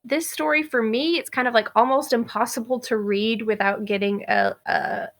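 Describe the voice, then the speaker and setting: A woman's voice: fairly high pitch, lively intonation, normal speed. A young woman co-hosting a podcast, chatting candidly and laughing easily as she talks about a story she picked. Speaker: podcast co-host. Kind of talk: casual chat.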